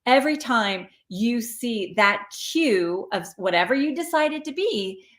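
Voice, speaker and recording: A woman's voice: a little high, expressive, unhurried, fairly bright tone. A woman hosting a casual live stream who reads viewer comments aloud. She talks in a chatty, encouraging way, often restarting her sentences and praising her viewers. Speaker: live stream host and spiritual coach.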